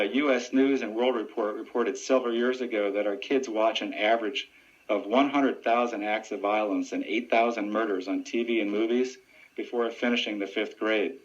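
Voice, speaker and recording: A man who is both a deputy sheriff and a ventriloquist answers questions in a radio interview, speaking earnestly, steadily and informatively in a lowish voice. The audio is dull, lo-fi radio sound.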